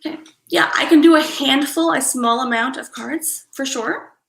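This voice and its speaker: A woman's voice: sits high, moderate pace, vocal fry, a bit bright. A woman hosting a casual live stream, chatty and apologetic, often laughing as she talks to viewers about card readings. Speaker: livestream host doing card readings. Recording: echoey room.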